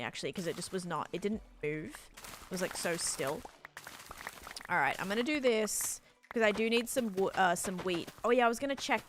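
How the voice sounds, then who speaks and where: A woman's voice: medium pitch, a bit bright, a little hiss or hum. A woman from Sydney with an Australian accent, chatting casually with viewers during a game stream and answering chat in a rambling way.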